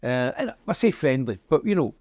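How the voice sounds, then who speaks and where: A middle-aged man from Northern Ireland, appearing as a guest in a conversational interview, recounts history in an emphatic, storytelling style. His darkish voice swings widely in pitch, he talks briskly, and there's no room sound.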